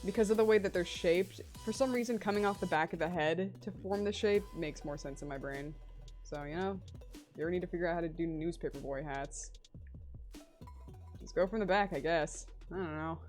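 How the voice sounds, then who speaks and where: A woman's voice: on the low side, a little fast, a little mellow, soft background music. A young adult woman chatting casually on a livestream while drawing, swearing freely and laughing often. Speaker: streamer drawing a webcomic.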